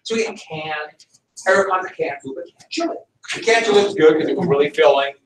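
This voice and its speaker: Fairly high-pitched and fast-talking, this Montana history teacher lectures a high school class, acting out the characters in his story. The mic sits at a distance in an echoey classroom, with slight background noise.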